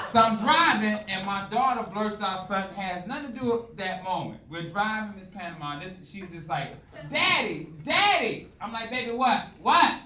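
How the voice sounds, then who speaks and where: A man hosting a stand-up comedy show, telling loud, animated stories full of swearing. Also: sits high. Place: small comedy club. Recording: roomy club sound from a distant mic with loud noise.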